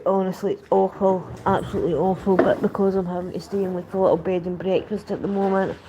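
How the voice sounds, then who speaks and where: A Scottish woman talks into her phone as she walks, rambling from one thought to the next and trailing off mid-sentence. Her voice sits in a middle range. Traffic and street noise are clearly heard behind her. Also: medium pitch, level tone, fast, mellow, low-quality recording. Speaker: livestreamer. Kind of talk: casual live stream chat. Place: outdoors on the street and in shops, walking.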